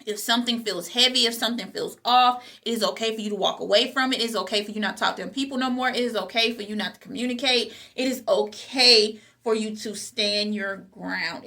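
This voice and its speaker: A woman's voice: medium pitch, a little fast, bright, forceful tone. A woman hosting a motivational talk, speaking, repeating her key phrases and checking in with "okay?". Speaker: host.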